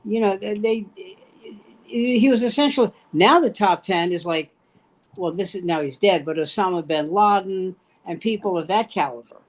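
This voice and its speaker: A man's voice: high voice, moderate pace. A man in a casual comedians' chat, telling anecdotes in a dry manner with quoted punchlines. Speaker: comedian panelist.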